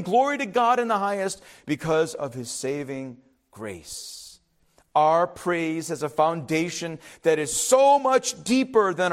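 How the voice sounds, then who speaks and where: Animated high-voiced man preaching. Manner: emphatic preaching, rising and dropping sharply; acts out skeptics in hushed asides. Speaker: pastor. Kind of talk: sermon.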